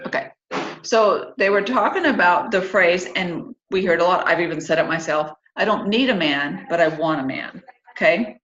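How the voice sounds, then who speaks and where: A woman's voice: lowish voice, normal speed, muffled recording. Chatty woman in her fifties, roomy sound. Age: 50s. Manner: chatty, animated when quoting and opinionated. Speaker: group discussion host. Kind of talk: casual online group chat.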